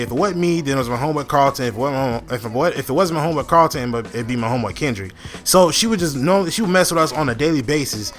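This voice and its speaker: A man's voice: mid-range voice, fairly bright tone. A young man telling a story in a laid-back, slangy way, with lots of fillers and restarts. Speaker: storytime vlogger. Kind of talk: casual storytelling.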